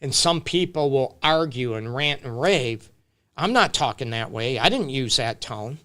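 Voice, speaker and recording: A man's voice: mid-range voice, expressive, a little slow, bright, forceful tone. A man counseling on relationships during a casual live-stream Q&A, talking off the cuff and often checking in with "right?" and "you get me?". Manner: loose, with restarts and fillers, speaking off the cuff.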